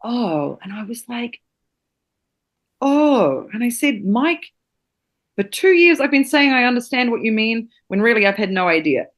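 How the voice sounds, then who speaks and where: Woman guest from New Zealand, acting teacher, lively storyteller, swears and laughs easily. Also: a little high, measured pace. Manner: animated, swears freely, laughs often. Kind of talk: casual storytelling interview.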